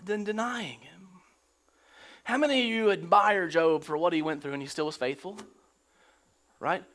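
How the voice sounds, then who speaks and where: A man's voice: on the high side, fairly bright tone. A man preaching a casual, joking sermon in church, slipping into slangy quoted voices. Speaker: pastor. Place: church sanctuary.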